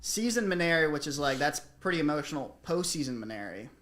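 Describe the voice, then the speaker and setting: Man, casual chat, lively pitch, laughs a lot. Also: quick pace.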